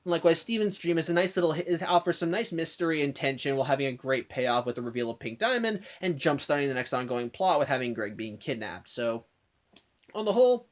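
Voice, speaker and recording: A man giving a casual spoken review who keeps stopping and correcting himself mid-sentence, recorded in an indoor room. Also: fairly high pitch. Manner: rambling with frequent self-corrections; acts out the characters' lines in quick bursts. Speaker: video reviewer. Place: indoor room by a curtained window.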